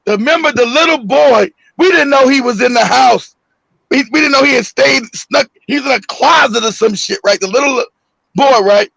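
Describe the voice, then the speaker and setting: A man telling a story in casual chat, animated and swearing often, acting out the voices in his story and shouting the quotes. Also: very high-pitched, moderate pace, creaky, dry recording, low-quality recording. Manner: swears freely, laughs often.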